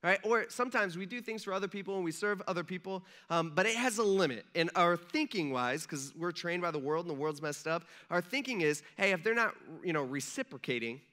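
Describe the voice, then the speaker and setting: A man's voice: high voice, expressive, fairly quick, hardly any pauses, pushed and bright. A man, a pastor, preaching a casual sermon and acting out the lines of biblical figures in a conversational way. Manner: conversational, acts out dialogue voices. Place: church sanctuary.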